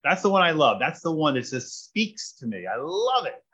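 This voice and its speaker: A man preaching a sermon in short, animated phrases, pausing for an interpreter. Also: a little high, breathy edge. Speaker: pastor. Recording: dull lo-fi sound.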